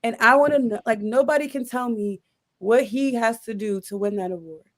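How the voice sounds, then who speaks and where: A woman's voice: fairly high pitch, normal speed. A woman hosting a casual sports chat, talking emphatically with frequent restarts and repeated exasperated questions. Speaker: sports podcast host.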